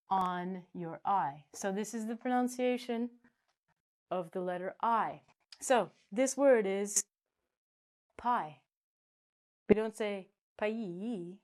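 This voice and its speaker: A woman gives a slow, playful English pronunciation lesson. She stretches her words and breaks into sudden high squeals as she explains. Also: a little mellow. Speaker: English teacher.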